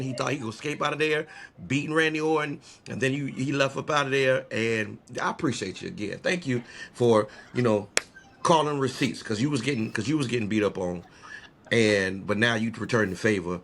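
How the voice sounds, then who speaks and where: A man co-hosting a podcast in casual chat, animated and rambling, often breaking into laughter. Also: medium pitch, slight background noise. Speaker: podcast co-host.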